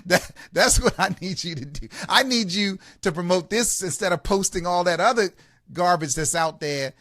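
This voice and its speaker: A man with a high voice hosts a radio advice program, preaching with emphasis and laughing between points. He often repeats words as he builds up steam. The studio sound is dry and close. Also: moderate pace, a bit bright, no room sound. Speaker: radio show host, relationship coach.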